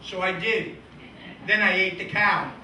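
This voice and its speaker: A middle-aged man tells deadpan jokes in a high, sharply bright voice. He slips into his old relatives' voices as the punchlines come. He is picked up from a distance in an echoey room with a faint hiss. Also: unhurried. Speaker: comedian and magician. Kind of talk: stand-up comedy and magic routine. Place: live show venue.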